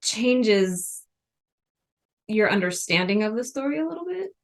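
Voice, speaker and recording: A woman's voice: medium pitch, very animated, unhurried. A woman from the Missouri Ozarks co-hosting a podcast, chatting casually about a book in a rambling way with many fillers. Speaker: podcast co-host.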